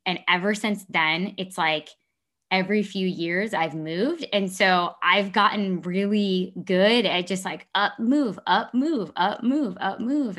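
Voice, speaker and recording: A woman's voice: fairly low pitch, fairly bright tone. A woman in her thirties co-hosting a podcast, chatting casually and reflectively, with frequent restarts. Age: 30s. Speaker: podcast host. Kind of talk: casual chat.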